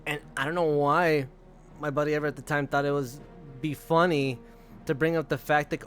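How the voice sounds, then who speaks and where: A young male streamer chats loosely over a game, swearing freely and breaking into laughs. His voice sits a bit high, and soft music plays faintly behind him. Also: fairly even intonation, brisk. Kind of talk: casual storytelling while gaming.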